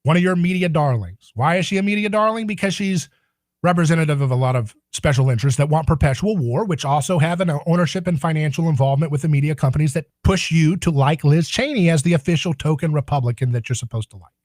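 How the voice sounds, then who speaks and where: A man's voice: on the high side, fast talker, a little mellow, dry recording. A man hosting a political talk radio show, delivering a sarcastic, indignant monologue.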